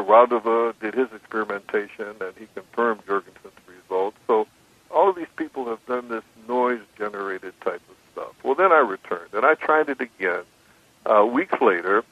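A man calling in as a radio guest, telling his story in a measured way with frequent restarts. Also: mid-range voice, dry recording. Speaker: guest describing his recording experiments. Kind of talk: phone-in radio interview. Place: on a phone call to a radio show. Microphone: telephone. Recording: dry tinny phone line.

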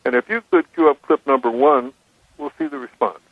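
A man calling in as a radio guest, telling his story in a measured way with frequent restarts. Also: mid-range voice, no echo. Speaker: guest describing his recording experiments. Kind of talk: phone-in radio interview. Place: on a phone call to a radio show. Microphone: telephone. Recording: dry tinny phone line.

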